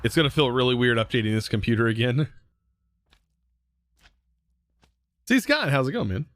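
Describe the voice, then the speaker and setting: Relaxed, rambling male streamer. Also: mid-range voice, fast talker, no room sound. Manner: relaxed, rambling, with frequent fillers and restarts. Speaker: live streamer. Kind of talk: casual chat reading viewer comments.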